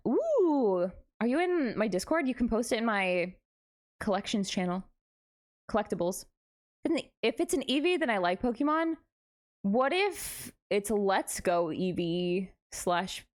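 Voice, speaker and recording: A young woman VTuber, tired and giddy late at night, chats playfully on her live stream, making fun of herself and reading chat out loud to reply. She speaks at medium pitch and a moderate pace, with an animated delivery.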